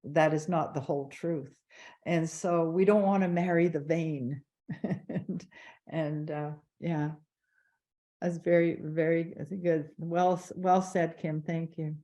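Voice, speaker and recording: A woman's voice: low-pitched, steady tone, takes it slowly, mellow. A woman hosting and teaching an online group lesson, repeating herself and often restarting sentences. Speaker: teacher and host.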